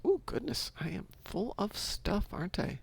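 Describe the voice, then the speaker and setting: A woman's voice: mid-range voice, big pitch swings, moderate pace, gravelly, a little mellow, breathy edge. A middle-aged woman streaming a game, chatting casually and talking to herself as she plays. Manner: chatty, rambling, self-talk while playing. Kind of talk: casual chat while gaming.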